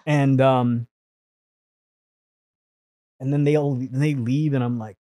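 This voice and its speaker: A man telling stories as a podcast guest, animated and profane, acting out the people he quotes. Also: medium pitch, slow pace, long pauses, no room sound. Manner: animated, swears freely, acts out quotes. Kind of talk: casual storytelling.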